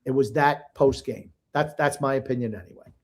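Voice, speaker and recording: A man's voice: medium pitch, moderate pace. An older man co-hosting a sports podcast, blunt and emotional in casual chat. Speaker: podcast co-host.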